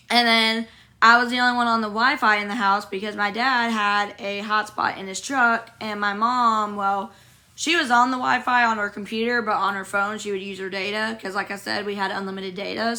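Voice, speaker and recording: A young woman hoarse from illness livestreams from a hotel room, talking straight into her phone and reading viewer comments. Her mid-range voice is bright and forceful, and she vents bluntly and profanely, rambling from one grievance to the next as she responds to the feed.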